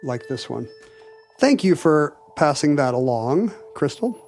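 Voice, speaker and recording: A man's voice: on the high side, big pitch swings, a little slow, a little mellow, soft background music. A man co-hosting a podcast in casual chat, with a dry, wry manner. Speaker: podcast co-host.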